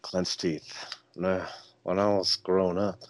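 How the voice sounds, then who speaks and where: A man's voice: deep voice, level tone, takes it slowly, no echo. A man doing an impression of a drawling male movie star, squeezing his words out through clenched teeth. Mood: laid-back.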